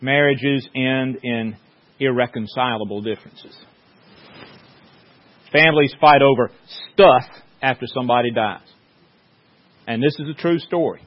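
A man's voice: medium pitch, a little slow, long pauses. A man preaching a sermon in a folksy, joking storytelling way, with many restarts. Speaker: pastor. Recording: dull lo-fi sound.

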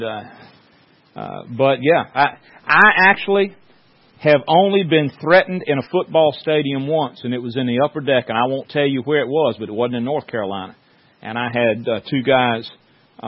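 A man preaching a sermon in a folksy, joking storytelling way, with many restarts. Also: mid-range voice. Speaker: pastor. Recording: dull lo-fi sound.

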